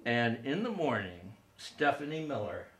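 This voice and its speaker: A man's voice: mid-range voice, very animated, measured pace, a bit bright, echoey room. A man in his fifties hosting a comedy talk show from his living room, delivering a casual, self-deprecating monologue and laughing at his own jokes. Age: 50s. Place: living room with small audience.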